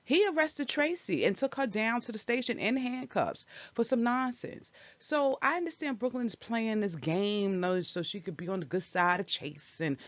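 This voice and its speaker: A woman's voice: fairly high pitch, lively intonation, moderate pace, hardly any pauses, dry recording. A woman casually recapping a soap opera episode, talking back at the characters with strong opinions. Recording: dull lo-fi dry recording.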